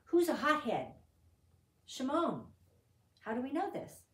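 A woman's voice: sits high, a little slow. A woman leading a Bible study, reading scripture aloud and asking her group questions in a conversational way. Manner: reads scripture aloud with lively emphasis. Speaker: Bible teacher. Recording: echoey room, voice from a distance.

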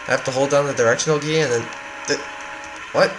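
A man giving casual, excitable, self-mocking commentary while he plays a video game. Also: medium pitch, quick pace, noisy background. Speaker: let's play gamer. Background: game music.

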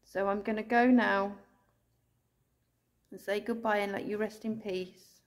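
An English woman ghost hunter calling out to spirits indoors, speaking slowly and tenderly, sometimes tearful, recorded on a handheld camera. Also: mid-range voice, fairly even intonation. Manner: soft, pleading, slow and tender, calling out with endearments. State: tearful at times.

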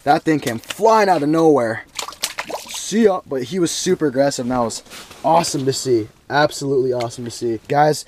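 A young man talks into an action camera out on the ice, narrating each bite. He sounds excitable and slangy and keeps bursting into loud exclamations. His voice sits at an ordinary middle pitch for a man. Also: brisk, a little hiss or hum. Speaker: fishing vlogger. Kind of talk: excited play-by-play while fishing. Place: ice fishing on a frozen lake in deep cold.

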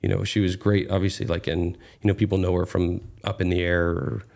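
A man's voice: low voice, level tone, a little fast, creaky, darkish tone. A man in his thirties, a guest actor, talking casually in an interview with many fillers and restarts.

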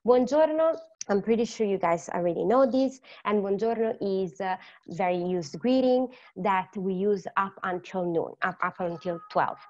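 A woman with an Italian accent gives an online beginners' lesson at a middle pitch. She talks patiently, repeats each word and quizzes the class. The sound is a little dull and lo-fi. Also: darkish tone. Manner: patient, repeats words slowly and quizzes the learner. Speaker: language teacher.

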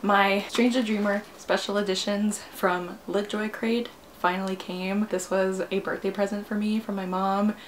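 A woman's voice: mid-range voice, flat delivery, moderate pace, slight background noise. A young woman vlogging a book unboxing, gushing and giggling, repeating exclamations and sometimes dropping almost to a whisper. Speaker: booktuber. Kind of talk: excited unboxing vlog.

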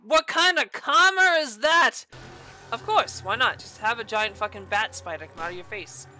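A woman's voice: a little high, moderate pace, bright, forceful tone, dry recording, soft background music. A woman streaming a video game, swearing and bursting out at what happens on screen. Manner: profane, explosive outbursts. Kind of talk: gaming stream commentary.

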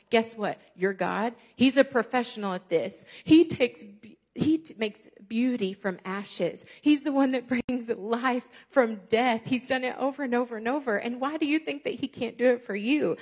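A woman in her thirties delivers an impassioned sermon from the pulpit. Her voice sits a little high, and she presses hard on key words as her intensity climbs. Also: gravelly. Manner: passionate, emphatic preaching with rising bursts of intensity. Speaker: guest speaker.

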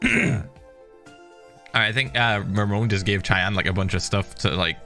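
A laid-back man streaming, chatting easily as he plays and humming little tunes to himself. His voice sits a bit low, with a bright, forward tone, and faint music plays in the background. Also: expressive, unhurried. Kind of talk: casual chat while gaming.

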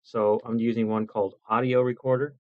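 A man's voice: medium pitch, flat delivery, a little fast, dry recording. Casual guy at his desk trying out lav mics, dry close sound, a bit dull. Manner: loose, joking, talks through each step. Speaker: host testing microphones. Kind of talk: casual chat. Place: home desk by a computer. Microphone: lavalier mic.

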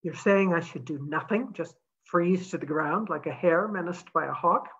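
A woman's voice: fairly low pitch, normal speed, a bit bright, highs cut off. A woman reading aloud, voicing a determined young woman who talks urgently and pleads.

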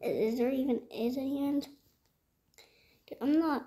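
A woman giving casual gameplay commentary, excitable and easily frustrated, swinging between loud outbursts and whispers. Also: sits high, moderate pace. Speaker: gaming video creator.

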